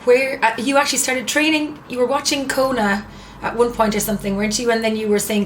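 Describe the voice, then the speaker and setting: A woman's voice: fairly high pitch, fairly even intonation, a little fast, slight background noise. A woman with an Irish accent hosting a podcast, asking friendly questions. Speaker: podcast host. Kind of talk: casual interview.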